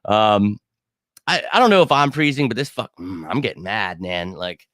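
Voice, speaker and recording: A sports show host livestreams his football show, answering live chat while ranting with heat and profanity. His lowish voice is animated, moderately paced and a bit bright, captured in echo-free studio quality.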